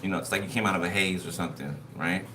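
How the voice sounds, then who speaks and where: Man, low voice, casual tarot reading, conversational, keeps checking in, noisy recording. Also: rapid-fire. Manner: loose and conversational, keeps checking in with "okay" and "you know". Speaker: tarot card reader.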